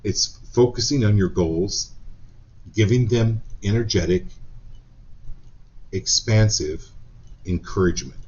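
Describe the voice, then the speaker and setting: A man hosting a live-stream card reading, talking gently and encouragingly with frequent ums and restarts. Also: lowish voice, lo-fi sound. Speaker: psychic card reader.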